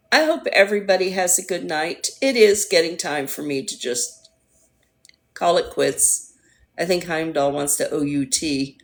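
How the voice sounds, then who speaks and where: Hoarse woman chatting slowly on a livestream. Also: fairly low pitch. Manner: rambling, chatty, talks to her pet. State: hoarse, voice going. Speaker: livestream host. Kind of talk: casual chat with viewers. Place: at home.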